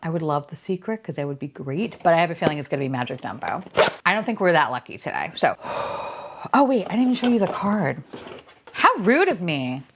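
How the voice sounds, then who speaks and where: Gushing young woman with a lively pitch. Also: fairly quick, background noise. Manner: gushing, swears playfully, coos at toys; swings between high squeals and low asides. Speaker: unboxing vlogger. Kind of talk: casual unboxing chat.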